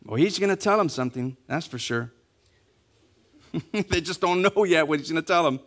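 A man preaching a sermon, acting out quotes and dropping to a hush on key words, asking the congregation to repeat after him. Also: on the high side, moderate pace. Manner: animated, acting out quotes, dropping to hushed emphasis; repeats key phrases, asks congregation to say it along. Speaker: pastor.

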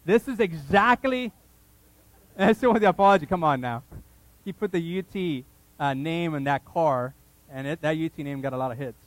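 A man preaching a sermon to his congregation, telling the story in an animated, joking way with many restarts. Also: fairly high pitch, normal speed, no room sound, low-quality recording. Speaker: pastor. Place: church service before a congregation.

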